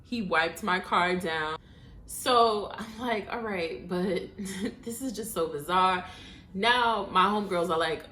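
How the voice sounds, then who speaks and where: A woman hosting her own podcast, telling a casual story with animated, exasperated, swearing asides. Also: medium pitch, takes it slowly. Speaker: podcast host. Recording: echoey room.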